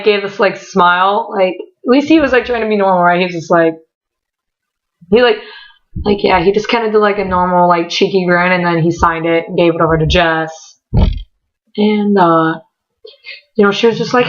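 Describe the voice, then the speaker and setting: A young woman recounts a story to the camera in a loose, rambling vlog style, stacking up fillers and breaking into excited swearing and laughter. Her voice is bright and tense. The recording sounds dull and lo-fi. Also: medium pitch. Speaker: vlogger.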